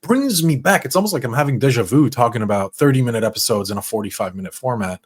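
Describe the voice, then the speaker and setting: A man in casual podcast chat, speaking at an everyday middle pitch. He rants with a joking edge and tosses in quips. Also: lively intonation, fast, breathy edge. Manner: joking, ranting. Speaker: podcast co-host.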